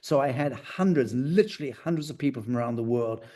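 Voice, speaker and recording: A man's voice: mid-range voice, quick pace, dark tone. A man speaking as an interview guest in a rambling, conversational way, full of fillers and restarts.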